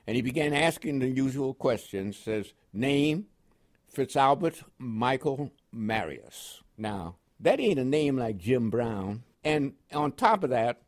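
An older man from Panama, a veteran being interviewed for an oral history, tells of his time in the army unhurriedly and with few pauses. His medium-pitched voice has a New York accent flavored with West Indian inflections. He narrates with animation, laughing at times and voicing quoted dialogue.

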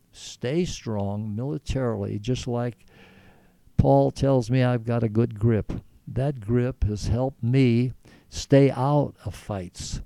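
A man's voice: mid-range voice, vocal fry, warm tone, no room sound. An older man being interviewed, telling stories from his past in an earnest, rambling way with many restarts. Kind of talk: storytelling in conversation.

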